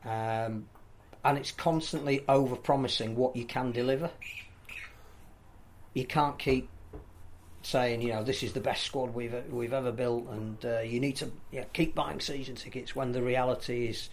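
Man, rugby pundit, measured, casual podcast talk. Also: mid-range voice, fairly even intonation, a little hiss or hum. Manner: thoughtful, measured analysis with frequent restarts.

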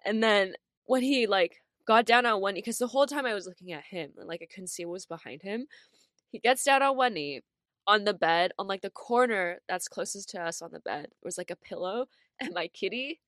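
A young woman co-hosting a podcast, telling a story in a casual, animated way with lots of filler words and laughter. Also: mid-range voice, fairly quick, no echo, clean studio sound. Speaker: podcast co-host.

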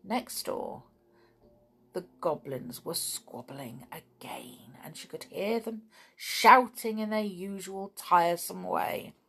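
A woman reading a children's story aloud in an expressive, unhurried way. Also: on the low side, vocal fry, breathy edge.

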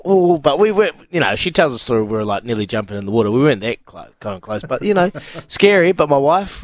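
A man's voice: medium pitch, no echo. A middle-aged man co-hosting breakfast radio, telling a story at an easy pace and tossing in jokes. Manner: joking interjections, relaxed storytelling. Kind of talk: casual radio banter.

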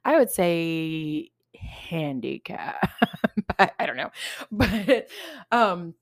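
A young woman talks through her solo podcast in loose, candid chat, cursing freely and laughing as she goes. Her voice sits fairly low for a woman. The sound is dry and close, with no room around it. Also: animated, drawn-out words, no echo. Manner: candid, swears a lot, laughs often. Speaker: podcast host.

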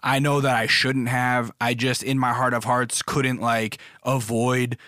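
A man's voice: medium pitch, flat delivery, a little slow, bright, forceful tone, no room sound, studio quality. A young man telling a story in a casual, blunt and profane rant, acting out other people's voices as he goes. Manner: profane, blunt, acts out voices in his stories.

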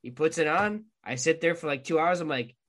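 A man's voice: fairly high pitch, fairly quick. A man co-hosting a casual movie talk, swearing freely and acting out people's reactions. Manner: animated, profane, acts out quoted reactions.

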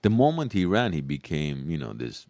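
A man's voice: extremely low pitch, sing-song, moderate pace, a little mellow, dry recording. A man co-hosting a casual political chat, arguing his points and explaining with examples.

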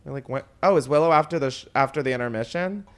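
A man hosts a casual podcast chat, telling an animated story full of swearing and frequent laughter. His voice is medium-pitched, fast, and clean.

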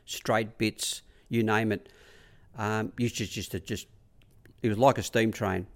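A middle-aged Australian man, once a track rider, tells rambling stories in a casual interview. His voice is lowish and creaky, slow and fairly even in intonation, and he acts out others' words, often repeating "I said."

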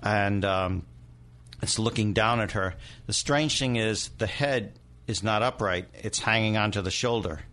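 Low-voiced man telling a dramatic story. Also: unhurried, fairly bright tone. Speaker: guest demonologist. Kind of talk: storytelling interview.

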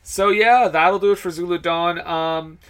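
A man's voice: sits high, fairly even intonation, a little slow, a bit bright, clean tone. A man hosting a film podcast in casual chat, teasing his co-host and plugging the show. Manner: upbeat, plugs the show, teasing.

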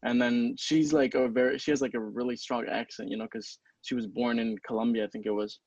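Flat-voiced man on a muffled mic. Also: medium pitch, brisk, no room sound. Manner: flat, hesitant storytelling. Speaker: podcast guest. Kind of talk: casual podcast chat.

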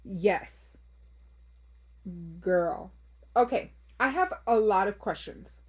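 A woman's voice: mid-range voice, animated, very slow, breathy edge. A woman in her thirties hosting a podcast, chatting casually and bluntly as she reads listener stories, swearing freely and dropping in Spanish phrases. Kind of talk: casual chat.

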